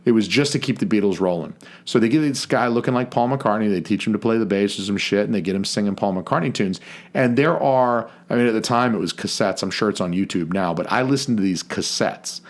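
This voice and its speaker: Low-voiced chatty man co-hosting a podcast. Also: a little fast. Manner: chatty, profane, jokey storyteller. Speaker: podcast co-host. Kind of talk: casual podcast chat.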